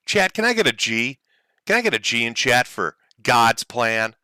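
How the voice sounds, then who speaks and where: A sarcastic male streamer mocks his subject for his chat, with a lively voice that swings up and down. His tone is bright and forward, and the recording is close and dry with no room sound. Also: medium pitch, moderate pace, clean tone, dry recording. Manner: sarcastic, mocking, often laughing. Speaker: streamer host. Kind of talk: mocking livestream commentary.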